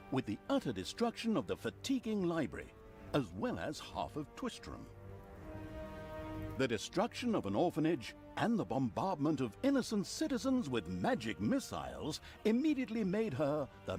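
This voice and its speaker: A sardonic game narrator. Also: male voice, a little high, a little mellow. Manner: sardonic, mock-grand storyteller. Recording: game audio with music behind.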